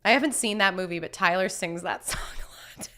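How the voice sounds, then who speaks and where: A woman's voice: mid-range voice, a little fast, bright, forceful tone. A young woman chatting casually on a live stream, reading chat messages, laughing often and talking with lots of restarts. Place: home.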